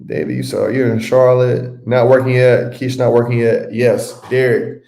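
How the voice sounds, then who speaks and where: Man, live webinar host, casual teaching, calls out viewers by name, mid pitch, roomy echo. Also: flat delivery, moderate pace, gravelly, warm tone. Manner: chatty, addresses viewers by name, says y'all. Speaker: webinar host and adjusting mentor. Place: home room. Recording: roomy live-stream audio.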